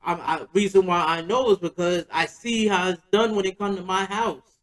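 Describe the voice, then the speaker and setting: A man's voice: high voice, fairly even intonation, moderate pace, rough recording. A man hosting a podcast, telling a personal story in a loose, slangy, conversational way. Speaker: podcast host.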